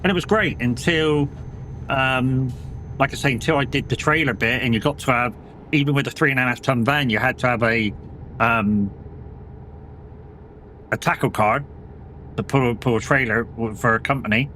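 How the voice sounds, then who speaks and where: A man's voice: medium pitch, moderate pace, long pauses, sharp tone, a little hiss or hum. Sweary British man telling stories. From United Kingdom. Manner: swearing, rambling anecdotes. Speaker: streamer. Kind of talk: casual chat while gaming.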